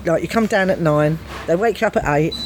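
A woman telling a prison story in casual chat, animated and swearing, often laughing and jumping high in pitch when she acts out what was said. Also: a little fast. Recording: noisy background.

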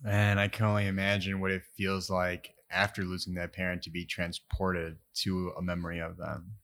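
A man's voice: low-pitched, monotone, moderate pace, a bit bright. A man hosting a podcast, talking in a reflective, hesitant way with many fillers. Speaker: podcast host. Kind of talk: casual podcast conversation.

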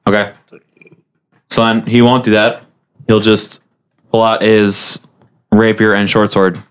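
A man's voice: on the low side, little pitch movement, slow pace, clean tone. A man playing a tabletop game in an easygoing way, asking about the rules as he declares his actions. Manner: easygoing, asks rule questions. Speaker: player. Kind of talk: casual tabletop play.

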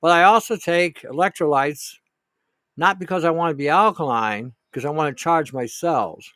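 A man on the high side in pitch, with a fairly bright tone and normal speed, hosts a show and responds to a listener's question. He's blunt and opinionated, rambling casually and using profanity for emphasis. The recording is dry and studio-clean.

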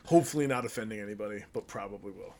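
A man's voice: on the low side, racing, vocal fry, a little mellow. A man co-hosting a casual podcast, talking in a rambling, self-deprecating way. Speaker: podcast co-host.

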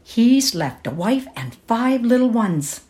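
A woman's voice: fairly high pitch, very animated, slow, darkish tone, voice pushed up. A woman voicing a delivery man who eagerly relishes telling grim news. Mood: relishing.

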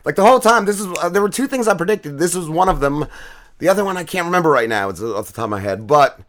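A man's voice: a little high, fast talker. Profane, rambling podcast co-host man. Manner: profane, rambling, excitedly retelling a TV episode. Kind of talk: casual chat.

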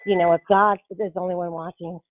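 A woman's voice: fairly low pitch, level tone, fast, dry recording. A woman calling in to a prayer line, out of breath, talking eagerly and searching for words. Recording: phone-line call audio.

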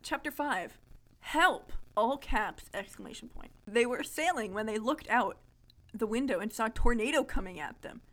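A woman's voice: a little high, animated, moderate pace. A woman co-hosting a casual podcast, reading a childhood story aloud and breaking off to laugh and comment. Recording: lo-fi podcast audio.

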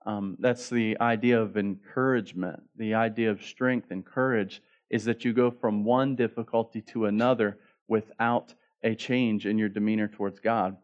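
A man's voice: lowish voice, fairly even intonation, normal speed, hardly any pauses, lo-fi sound. A man pastor preaching a sermon in a casual, joking way, acting out the story as he goes. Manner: casual, joking preacher who acts out the story in quoted voices.

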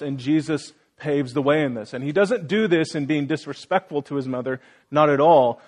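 A man preaching a sermon as pastor, earnest, reading scripture aloud and putting direct questions to his listeners. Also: a little high. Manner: earnest preaching, acting out quoted voices and asking the congregation questions.

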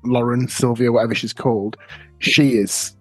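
A man's voice: mid-range voice, fairly even intonation, normal speed, faint music behind. A man co-hosting a podcast, talking films in a reflective, hesitant way with many fillers. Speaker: podcast co-host. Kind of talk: casual film discussion.

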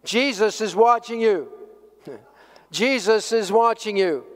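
A man's voice: high-pitched, takes it slowly, long reverb tail. A man voicing a cheeky male talking parrot that repeats its warnings, while preaching in a church. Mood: eerie. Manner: repeats phrases, sing-song warning.

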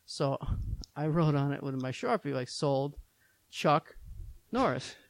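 A man's voice: on the high side, animated, slow, vocal fry, no room sound. A man from Long Island, a podcast guest, telling stories in casual chat, rambling with lots of "like" and acting out the voices of the people in his anecdotes. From Long Island, New York. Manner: rambling, peppered with "like". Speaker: podcast guest, business owner.

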